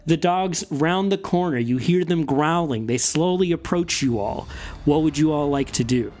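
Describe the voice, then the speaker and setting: A man narrating a tabletop game as game master, in a casual, relaxed way. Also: on the high side, normal speed, faint music behind.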